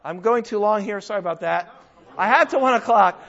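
A man's voice: high voice, a little fast, fairly bright tone. A man preaching a sermon in an emphatic, conversational way, firing off rhetorical questions. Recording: dull sound in a reverberant hall.

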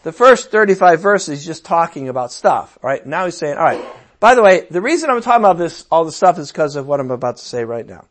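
Animated high-voiced male preacher. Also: fairly quick. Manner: animated and conversational, with playful asides and sudden outbursts. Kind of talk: sermon.

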